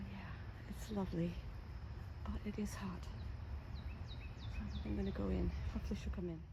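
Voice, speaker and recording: A woman's voice: mid-range voice, dark tone, no room sound. A woman chatting casually as she films her cats and garden, cooing at them and sometimes talking under her breath. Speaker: vlogger. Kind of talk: casual vlog chat. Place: backyard outdoors, then indoors.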